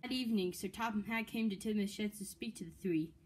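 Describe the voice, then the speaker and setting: A woman's voice: mid-range voice, fast, background noise. A woman narrating a casual toy train story with a few restarts.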